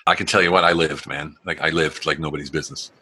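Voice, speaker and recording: A man's voice: extremely low pitch, fairly even intonation, fast, bright, forceful tone, a little hiss or hum. A man in his forties, a guest telling his life story in casual, blunt, rambling talk with plenty of swearing and acted-out quotes. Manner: frequent restarts and fillers, acts out quotes.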